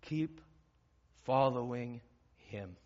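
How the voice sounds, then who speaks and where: A man preaching a sermon as pastor, emphatic, with dramatic pauses and swings from loud to hushed. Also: medium pitch. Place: church hall with stage. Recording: dull recording in a reverberant hall.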